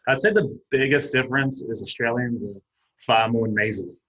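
A young man with a New Zealand accent, a guest teacher chatting casually on a podcast and running his words together fast. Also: medium pitch, a bit bright, rough recording. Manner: quick, runs words together.

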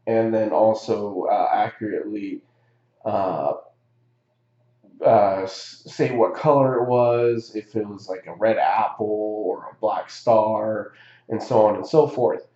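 A man's voice: lowish voice, slow, mellow, roomy sound, lo-fi sound. A man telling a story in a casual chat, rambling and swearing, with many fillers and restarts. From Southern California.

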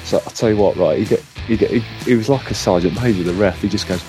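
A middle-aged man telling a lively story in casual chat, acting out what others said. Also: fairly low pitch, quick pace, soft background music. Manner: animated storyteller, acts out quotes. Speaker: co-host.

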